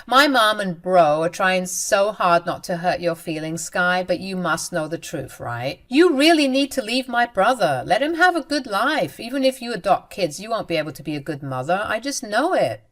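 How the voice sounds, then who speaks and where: A woman's voice: medium pitch, big pitch swings, normal speed, hardly any pauses, fairly bright tone. A woman voicing a spiteful, smug young sister-in-law in a dramatized story. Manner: smug, dismissive.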